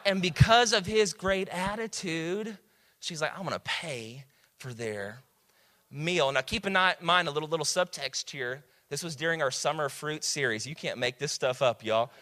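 A man in his thirties preaching a sermon, telling stories in a lively way with quick restarts and building to emphatic shouts. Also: on the high side, in a large hall. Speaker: pastor.

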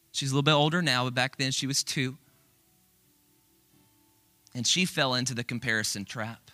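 A man preaching a sermon to a church congregation, telling a story in an earnest, animated, conversational way. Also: mid-range voice. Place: church auditorium with screen.

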